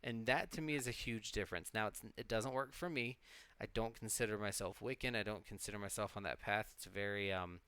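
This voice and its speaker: A co-host of a live witchcraft stream talks fairly quickly with hardly any pauses, in a lowish, fairly bright, smooth voice without echo. His casual rambling is loose and reflective, peppered with swearing and restarted sentences.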